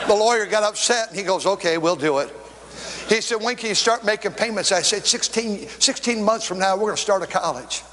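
High-voiced preacher in a reverberant hall. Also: male voice, expressive. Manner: storytelling preacher, swings from quick talk to shouted, drawn-out lines. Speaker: pastor. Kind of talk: sermon.

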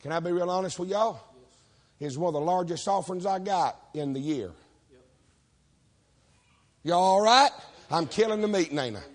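A man preaching, folksy and shouting, calling on the congregation for amens. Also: high voice, animated, moderate pace, pauses often. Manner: folksy, shouting, calls for amen. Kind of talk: fiery preaching with stories. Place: church service.

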